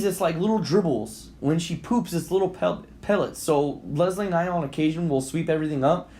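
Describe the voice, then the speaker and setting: A man's voice: a little high, a little mellow. A man co-hosting a podcast, telling a heated story in a casual, profane and rambling way. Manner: rambling, with frequent restarts. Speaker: podcast co-host.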